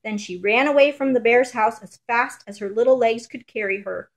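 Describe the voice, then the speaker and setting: Woman reading a fairy tale aloud. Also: on the high side. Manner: measured, rhythmic storybook reading. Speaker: storyteller.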